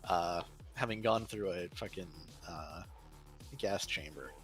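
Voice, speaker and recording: Man, deep voice, bright tone, game master narration, rambling fillers, headset mic. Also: takes it slowly, soft background music. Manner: loose, descriptive narration with many fillers.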